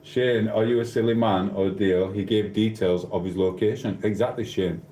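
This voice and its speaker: A man's voice: fairly low pitch, steady tone, moderate pace, dark tone, a little hiss or hum. A man with a South Yorkshire accent, chatting casually on a live stream, rambling and cheekily bantering with viewers' comments. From South Yorkshire, England. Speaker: livestreamer. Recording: echoey room.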